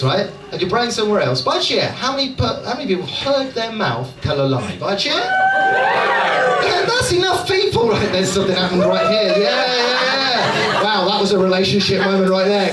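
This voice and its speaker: British male stand-up, high animated voice, self-mocking, heard from afar in an echoey club. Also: recorded from a distance. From Dorset, England. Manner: chatty, self-mocking, keeps checking in with "right?". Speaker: stand-up comedian. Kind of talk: stand-up crowd work. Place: comedy club stage. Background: audience laughter and room noise.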